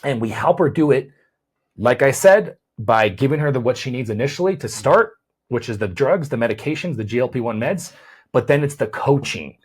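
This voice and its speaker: A man with a husky, slightly breathy voice hosts a health podcast and explains his approach as a chiropractor and weight loss coach. He talks things through out loud, often restarting with repeated words and tagging "right?" onto his points. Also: medium pitch, animated, brisk. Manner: repeats words while thinking, often adds a questioning "right?".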